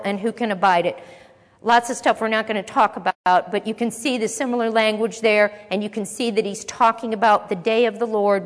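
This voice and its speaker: A woman teaching a Bible class, reading scripture aloud and explaining it with casual asides and questions to her listeners. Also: mid-range voice. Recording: long echo of a large hall.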